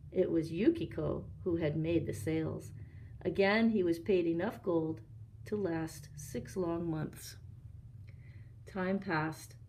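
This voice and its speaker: A woman telling a storybook tale aloud for a library, calm and measured. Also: fairly low pitch, gravelly, a little hiss or hum, rough recording.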